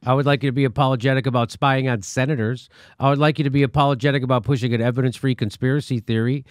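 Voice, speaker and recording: A man's voice: mid-range voice, fairly even intonation, racing, no room sound, studio quality. Sarcastic male political commentator. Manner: sarcastic, mocking. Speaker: show host.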